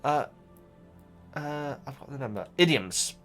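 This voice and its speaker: A man's voice: medium pitch, expressive, a little slow, fairly bright tone, soft background music. A man hosting a casual reading reaction, rambling aloud and stumbling over repeated words as he thinks. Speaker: YouTube reaction host reading a book.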